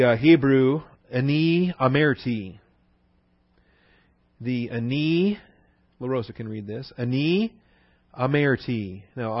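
A man's voice: medium pitch, dry recording. Man teaching Bible, dull dry recording. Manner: conversational, repeats phrases for emphasis, slows to spell out words. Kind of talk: classroom Bible lesson.

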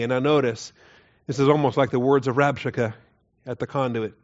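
A man teaching through Bible verses in an earnest, emphatic way, often dropping his voice low to stress a point. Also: fairly even intonation, a little fast. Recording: dull lo-fi recording.

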